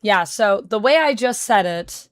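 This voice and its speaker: A woman's voice: medium pitch, animated, a little slow, dry recording, clean studio sound. A Canadian woman streaming live, chatting casually and reading out viewers' chat messages as she answers them.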